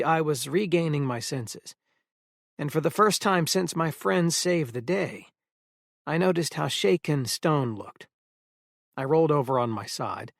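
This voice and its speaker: A man narrating a first-person audiobook in a steady storytelling manner. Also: a little high, gravelly, no echo, studio quality.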